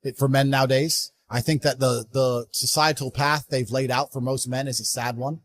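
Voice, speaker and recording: A man giving an interview, talking in a blunt, forceful, emphatic way. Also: medium pitch, steady tone, normal speed. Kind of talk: motivational interview talk.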